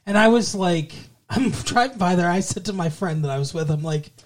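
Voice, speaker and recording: A man's voice: sits high, moderate pace. A man co-hosting a casual podcast, joking around, telling crude jokes and laughing often. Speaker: podcast co-host.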